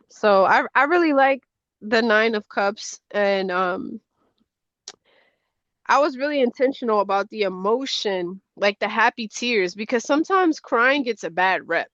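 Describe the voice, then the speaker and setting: Chatty animated woman, muffled dry audio. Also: dry recording. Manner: animated, rambling, quick pitch jumps. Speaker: tarot deck creator, guest. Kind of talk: casual chat.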